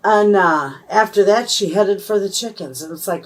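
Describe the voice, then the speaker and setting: A woman in her fifties from Michigan, USA, speaks in a mid-range voice at a moderate pace with hardly any pauses. She's a homesteading vlogger chatting casually to camera, rambling in a folksy, homespun way about her homestead.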